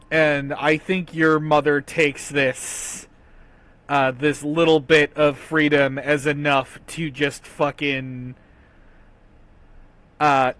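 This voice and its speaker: Man, game master, narrating tabletop play, slow delivery, slightly high voice. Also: fairly bright tone. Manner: easygoing, laughs often, hesitant fillers.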